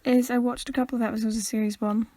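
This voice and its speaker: A young woman, co-hosting a podcast in animated casual chat. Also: on the high side, quick pace. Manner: animated, bursts into silly quote voices. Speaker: podcast co-host.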